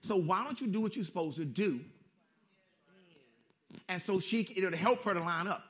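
A male pastor preaching a sermon, emphatic and folksy, repeating phrases and swinging between hushed and loud. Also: high-pitched, expressive, moderate pace. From Southern California. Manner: folksy street-style preaching.

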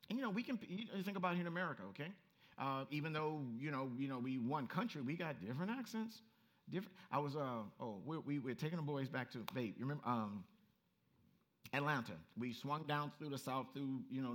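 A male pastor preaching a lively, story-driven sermon and acting out voices as he goes. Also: medium pitch. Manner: animated storytelling, acts out voices, laughs.

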